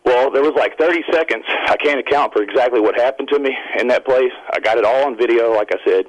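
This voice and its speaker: A man calling in to a radio show, telling a long excited story in a rambling, self-interrupting way. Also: mid-range voice, fast talker, muffled recording. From Indiana. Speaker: caller. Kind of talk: phone-in storytelling.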